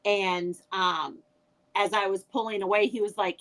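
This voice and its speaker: A woman's voice: mid-range voice, fairly even intonation, a little slow, a bit bright, low-quality recording. Chatty older woman telling family stories. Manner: chatty storyteller with frequent restarts. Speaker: guest author. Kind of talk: casual chat.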